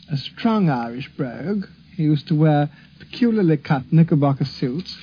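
A man recalling his childhood in an archival interview, speaking fondly and at a measured pace. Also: a little high, slightly rough. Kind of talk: archival reminiscence. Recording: dull lo-fi archive recording.

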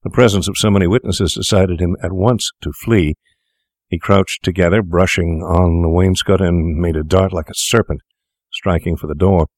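A man narrating a classic story aloud in a measured, formal storytelling manner. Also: low-pitched, steady tone, a little mellow, no room sound, studio quality. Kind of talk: audiobook narration.

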